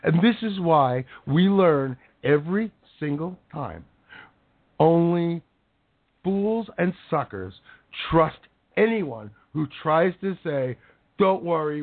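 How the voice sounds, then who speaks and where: Hoarse, gravelly man ranting on air. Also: fairly high pitch. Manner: angry, emphatic, sarcastic. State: hoarse, voice giving out. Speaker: show host. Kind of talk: heated talk-show rant. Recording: tinny phone-like sound.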